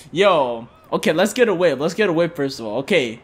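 A young man commenting on his own gameplay in loose slang, excitable and swearing constantly. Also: on the high side, a little fast, husky. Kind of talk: casual let's-play commentary.

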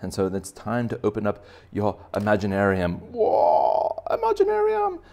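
A man's voice: on the low side, fairly even intonation, brisk, darkish tone. A man giving a playful, chatty step-by-step drawing lesson for kids. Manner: playful, chatty, talks to children directly. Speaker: art teacher.

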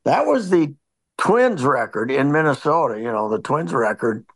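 A man's voice: mid-range voice, big pitch swings, moderate pace. A man, a sports columnist, chatting on a podcast as a guest, telling stories in a rambling, wry and grumbling way full of fillers and restarts. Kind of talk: casual podcast chat.

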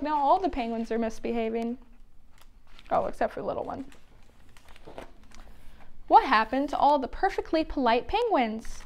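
High-voiced woman leading children's story time. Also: animated, moderate pace, long pauses. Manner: gentle, sing-song, talking to small children. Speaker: children's librarian. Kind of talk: story time reading and sing-along.

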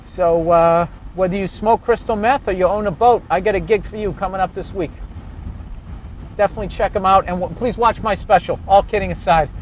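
A man's voice: high-pitched, fairly quick. A man, a comedian, ranting profanely and sarcastically about traffic while driving through city streets. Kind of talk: casual rant while driving.

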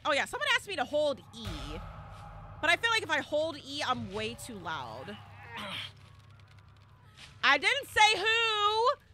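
Female streamer, tone, animated live horror-game commentary, high and lively. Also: moderate pace, noisy background. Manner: chatty, dramatic, swings from hushed to shrieking.

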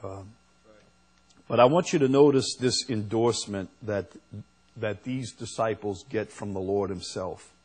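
Slow, husky-voiced male preacher. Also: on the low side. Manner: slow, unhurried preaching that rises to emphatic peaks. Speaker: pastor. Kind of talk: sermon.

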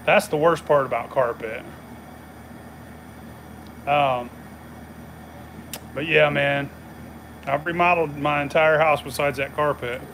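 A man's voice: a little high, fairly even intonation, slow pace, creaky, long pauses, a bit bright, a little hiss or hum. A middle-aged man, telling a rambling, profane story in casual chat and laughing along the way. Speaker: channel host.

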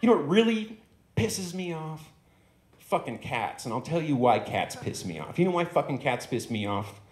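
A man's voice: on the high side, sing-song, moderate pace, a little mellow. A man doing an angry ranting dog. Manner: aggrieved, profane, lecturing. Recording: echoey club room.

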